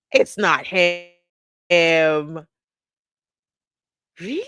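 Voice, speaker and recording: A woman's voice: mid-range voice, expressive, a little slow, pauses often, no room sound. A woman hosting a live stream in casual chat, reacting animatedly to viewer comments. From South Africa.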